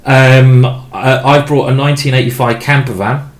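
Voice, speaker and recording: A man's voice: medium pitch, steady tone, normal speed. A man streaming a chess game live. He thinks aloud in a chatty, rambling way with many restarts as he explains his moves.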